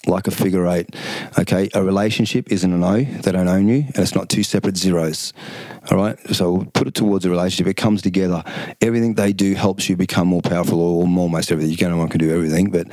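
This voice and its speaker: This interview guest, an Australian man in his fifties who used to be a kickboxing champion, has a deep voice and speaks fast with no room sound. Rambling on casually, he tells stories with animation and performs the quotes.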